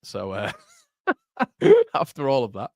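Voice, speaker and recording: A man's voice: medium pitch, moderate pace, fairly bright tone, dry recording, clean studio sound. Giggling man calling a match. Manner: casual, chatty, keeps breaking into laughter. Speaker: host. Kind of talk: live football watchalong commentary.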